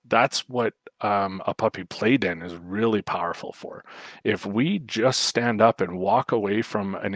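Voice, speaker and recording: Man, dog trainer, livestream talk, low voice, dry close sound, lots of ums and restarts. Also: no room sound. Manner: explanatory, many fillers and restarts.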